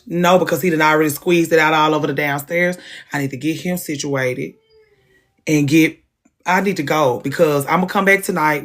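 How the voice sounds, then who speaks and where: A woman's voice: low voice, vocal fry. A woman, chatting casually on a livestream and pleading with her pet between remarks to viewers. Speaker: livestream host.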